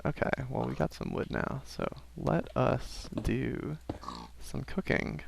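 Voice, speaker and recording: A man's voice: medium pitch, takes it slowly, gravelly, slight background noise. A young man giving casual, rambling commentary over a video game, with frequent self-aware asides. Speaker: gaming commentator. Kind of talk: casual let's-play commentary.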